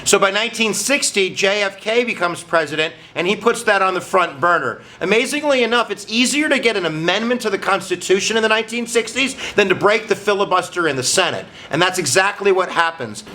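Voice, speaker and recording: A man's voice: high-pitched, animated, fairly quick, hardly any pauses, pushed and bright. A man hosting a history lesson channel, talking to viewers in an upbeat, jokey, casual way. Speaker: history teacher host.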